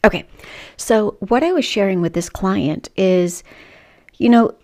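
Gravelly-voiced woman coaching with faith. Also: mid-range voice, animated, measured pace, a little mellow. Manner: earnest and emotional, with asides and laughs. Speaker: Christian weight loss coach and podcast host. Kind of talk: faith-based coaching talk.

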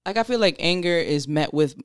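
A young woman hosts a podcast in a smooth, clear voice at a middling pitch. She talks reflectively and openly about herself, in relaxed slang. The recording is dry and close. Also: brisk, no echo. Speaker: podcast host. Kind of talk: casual podcast chat.

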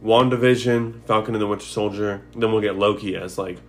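A man's voice: fairly low pitch, steady tone, brisk. A young man co-hosting a podcast, joking and rambling with lots of fillers in casual chat. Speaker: podcast co-host.

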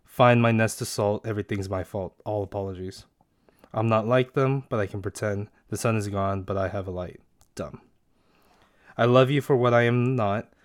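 Young man, low voice, laid-back and casual, reads quiz options aloud. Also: normal speed, no echo, clean studio sound. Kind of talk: casual chat doing online quizzes.

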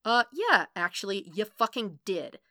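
A woman voicing a stubborn young male college student who talks bluntly and pushes until he shouts. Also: medium pitch, animated, normal speed, dry recording, studio quality, lightly acted. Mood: insistent. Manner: pushy, escalating to shouting.

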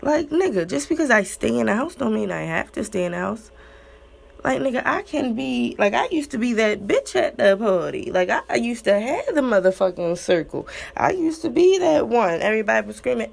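A young woman talking candidly and profanely about relationships and family, with loud high bursts when she gets worked up. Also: sing-song, normal speed, gravelly. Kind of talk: candid casual monologue.

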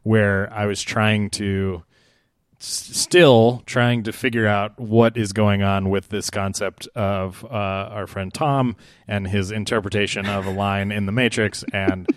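A man co-hosting a podcast in casual chat, easygoing and quick to laugh. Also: fairly low pitch, steady tone, dry recording, studio quality. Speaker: podcast co-host.

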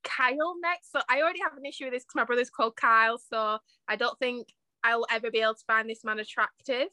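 A young woman co-hosting a podcast in casual chat, laughing often and filling pauses with ums. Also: on the high side, fairly even intonation, bright, forceful tone, no echo. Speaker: podcast co-host.

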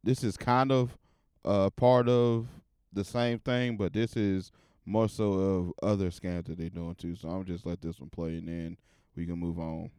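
Casual podcast host, man, lowish smooth voice, loose and profane, dry close sound. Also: flat delivery, measured pace, darkish tone, no room sound. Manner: loose, profane, rambling with restarts. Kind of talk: casual solo podcast talk.

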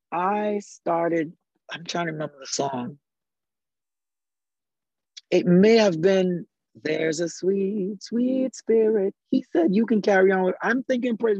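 A man with a fairly high speaking voice tells church stories, lively and quick, and often quotes his own thoughts. The sound is dry and a bit dull, with no room around it. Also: no echo. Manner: lively, talks fast, quotes himself in asides. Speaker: worship leader. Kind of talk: conversational storytelling. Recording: slightly dull, dry recording.

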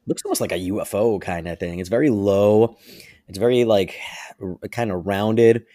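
A man co-hosts a casual podcast and eagerly retells a story. His voice sits on the low side and sounds dry and close to the mic. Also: moderate pace, no room sound. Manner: animated retelling with frequent laughs. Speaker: podcast co-host. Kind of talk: casual chat.

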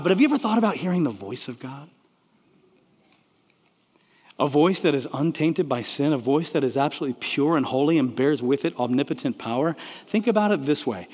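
A man preaching a sermon, swinging between loud emphatic declarations and hushed, quiet passages. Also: mid-range voice, lively intonation, fairly quick, breathy edge. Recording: long hall reverb.

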